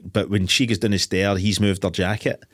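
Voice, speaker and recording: A man's voice: deep voice, steady tone, normal speed, dry recording, clean studio sound. A Scottish man hosting a podcast, retelling film scenes in casual chat with plenty of swearing. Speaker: podcast host.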